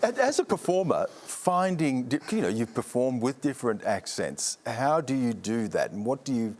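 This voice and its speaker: A man's voice: mid-range voice, very animated, normal speed, darkish tone, slight background noise. A man hosting a panel discussion, asking probing, conversational questions. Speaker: host.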